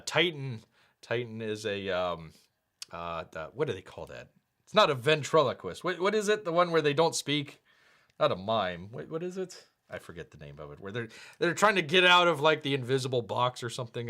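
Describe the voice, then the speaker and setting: A man's voice: on the high side, bright, forceful tone. A man hosting a casual livestream and reading viewer comments, rambling and jokey, often searching aloud for words. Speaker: livestream host.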